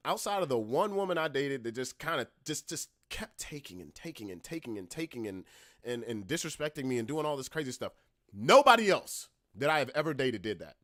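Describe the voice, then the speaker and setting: A man hosting a casual podcast, talking bluntly and with swearing, moving between calm talk and loud, heated ranting. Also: mid-range voice, no room sound, studio quality. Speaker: podcast host.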